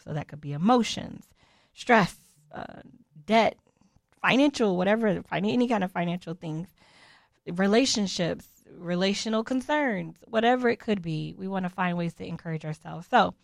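Gravelly, chatty woman host. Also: medium pitch, no room sound, clean studio sound. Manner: chatty, upbeat, playful asides and mock voices. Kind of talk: casual encouraging devotional talk.

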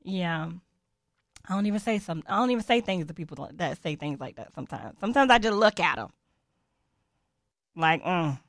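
Gravelly, chatty woman host. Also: on the low side, lively intonation, normal speed, pauses often, dry recording, studio quality. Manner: chatty, upbeat, playful asides and mock voices. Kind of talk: casual encouraging devotional talk.

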